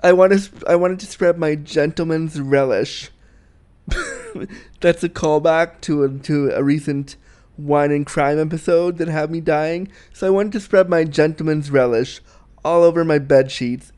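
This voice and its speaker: A man's voice: on the high side, animated, measured pace, a little mellow. A man hosting a casual solo podcast, talking candidly and bawdily in a rambling way with restarts and giggles. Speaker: podcast host.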